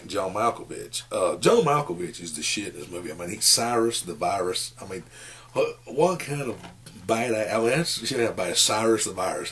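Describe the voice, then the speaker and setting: A man's voice: on the low side, a bit bright. A man, giving a rambling, folksy movie review with lots of fillers. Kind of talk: casual rambling monologue.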